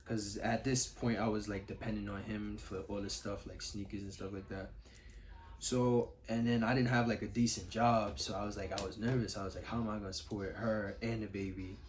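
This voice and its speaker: Hesitant, low-voiced young man. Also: little pitch movement, moderate pace, slight background noise. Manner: hesitant, soft-spoken, many fillers. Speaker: storyteller's partner. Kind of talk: casual storytime chat.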